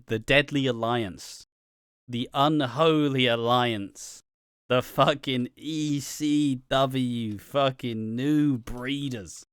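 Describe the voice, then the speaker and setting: A man's voice: medium pitch, fairly bright tone, clean tone, no room sound, clean studio sound. A young man co-hosting a casual wrestling review podcast, swearing a lot and laughing often. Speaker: podcast co-host.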